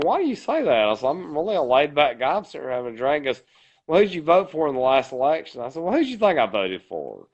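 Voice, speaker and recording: A man co-hosting a podcast, telling a long story at a rambling pace and swearing often. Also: mid-range voice. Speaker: podcast co-host. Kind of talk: casual podcast chat. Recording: dull lo-fi podcast audio.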